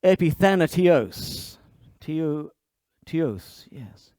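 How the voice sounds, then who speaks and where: A male pastor delivers a sermon in a slightly high, very animated voice that swings up and down, and he takes his time. He explains with playful asides and restarts his sentences often, and the sound is close and dry. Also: drawn-out words, no echo.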